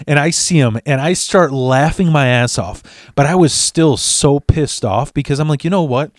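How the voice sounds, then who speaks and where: A man's voice: on the high side, moderate pace, no room sound. A man hosting a podcast, telling a story in a fired-up, profane way, tripping over restarts. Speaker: podcast host. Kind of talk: casual storytelling. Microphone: studio mic.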